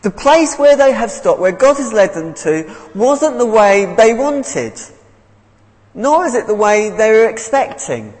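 Male preacher, earnest and unhurried, with a bouncy, animated delivery. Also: sits high, in a large hall, rough recording. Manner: earnest, repeats words as he goes. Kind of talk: sermon.

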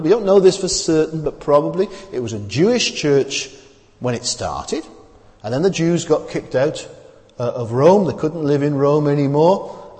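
A man preaches to a congregation in a relaxed, conversational way. He halts and restarts often and fills the gaps with "uh" and "um." His voice carries a long reverb from the church hall around him. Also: a little high. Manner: conversational, halting with many fillers and restarts. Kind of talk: sermon.

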